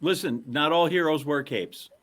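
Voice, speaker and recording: A man's voice: a little high, normal speed, fairly bright tone. A man co-hosting a chat podcast, talking in a rambling, self-deprecating way with playful asides. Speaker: podcast co-host. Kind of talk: casual chat.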